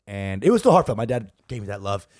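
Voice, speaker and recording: A young man, a podcast co-host, telling a story in an animated, profane way and laughing as he goes. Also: fairly low pitch, fast, no room sound, studio quality. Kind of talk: comedic storytelling.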